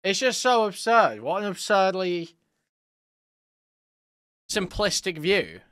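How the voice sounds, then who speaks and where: A man's voice: sits high, big pitch swings, slow pace, a bit bright, dry recording, studio quality. A man hosting reaction commentary, mocking and swearing as he laughs at a clip. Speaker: commentary host.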